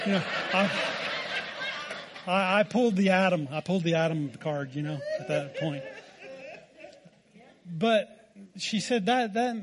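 A man's voice: high-pitched, a little slow, pauses often, some chatter behind, a little hiss or hum. A man with an American accent preaching a sermon, telling a folksy, self-deprecating story. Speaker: pastor.

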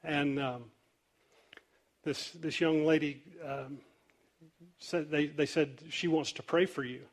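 Folksy storytelling preacher, a man. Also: a little high. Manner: conversational, folksy, laughs through stories. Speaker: pastor. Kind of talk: sermon storytelling.

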